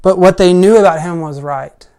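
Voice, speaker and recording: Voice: mid-range voice, moderate pace, mellow, clean tone. Casual storytelling preacher. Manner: casual storytelling with frequent "like" and "I mean". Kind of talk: conversational sermon.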